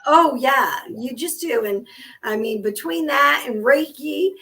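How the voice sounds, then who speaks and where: A woman in her fifties tells a story on a casual talk show, her voice sitting a little high and bouncing with animation. She laughs often as she goes. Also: lively intonation, unhurried, sharp tone. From United States. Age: 50s. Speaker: co-host. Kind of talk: casual chat.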